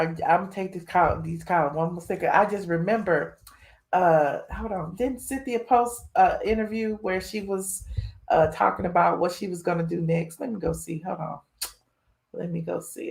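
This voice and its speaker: A woman's voice: on the low side, creaky, a little mellow. A woman hosting a live call-in stream, chatting casually and laughing with callers. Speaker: host of a live call-in show.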